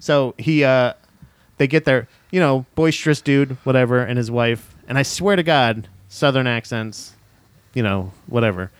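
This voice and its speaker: A man hosting a casual comedy podcast, telling stories in a rambling way with lots of swearing, and jumping high in pitch when he quotes people. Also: moderate pace, clear, resonant tone, dry recording.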